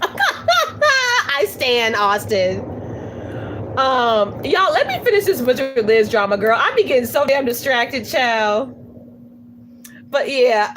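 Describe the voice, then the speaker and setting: A young woman chatting casually on a livestream, swearing, slangy, and breaking into loud laughing fits. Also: a little high, a little hiss or hum. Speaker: livestreamer reacting to chat.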